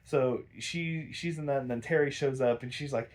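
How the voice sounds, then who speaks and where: A man's voice: medium pitch, normal speed. A young man reviewing a cartoon episode in casual, rambling chat, swearing often, sighing and exasperated. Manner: sighs a lot, frequent fillers.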